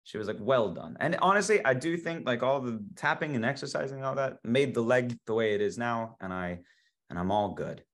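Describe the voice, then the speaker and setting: A man's voice: mid-range voice, fairly quick. A young man, an actor, chatting as a podcast guest and telling stories with lots of restarts. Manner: animated storyteller, stammers and restarts. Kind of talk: casual interview chat.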